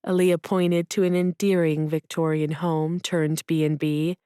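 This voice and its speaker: A woman narrating a storybook romance in a measured, gentle manner, her voice low and her pace unhurried. The studio recording is close and completely dry. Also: level tone, clear, resonant tone, dry recording. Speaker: audiobook narrator. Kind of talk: scripted narration.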